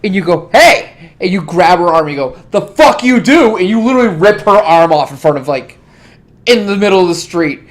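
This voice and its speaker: A man narrating a tabletop role-playing game as game master, describing the action vividly. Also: quick pace. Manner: animated, laughing, acts out bystanders in high voices.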